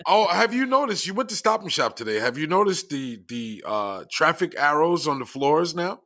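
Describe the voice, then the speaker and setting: A man co-hosting a podcast, chatty and animated, often chuckling. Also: fairly high pitch, normal speed. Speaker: podcast co-host. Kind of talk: casual chat.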